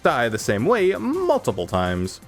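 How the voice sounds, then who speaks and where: A young gaming YouTuber with a medium-pitched, wildly swooping voice speaks unhurriedly over loud music. His gameplay commentary is comedic, full of jokes, self-mockery, and stammered restarts.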